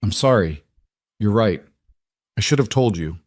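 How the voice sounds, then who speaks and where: A man voicing a hesitant single dad, low and dry. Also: lively intonation, measured pace, no echo. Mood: remorseful. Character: tired single father, gentle and guarded.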